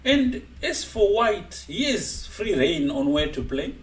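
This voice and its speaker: Lively high-voiced man coaching chess. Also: takes it slowly, echoey room, far from the mic. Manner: animated, laughs often while explaining. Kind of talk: live-streamed chess lesson.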